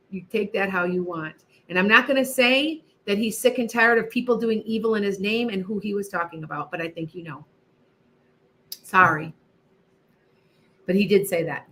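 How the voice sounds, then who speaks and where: A woman's voice: medium pitch, moderate pace, fairly bright tone. A middle-aged woman hosting a live psychic question session, talking emphatically and repeating herself, with chatty asides to viewers. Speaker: psychic livestream host answering viewer questions. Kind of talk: casual live-stream chat.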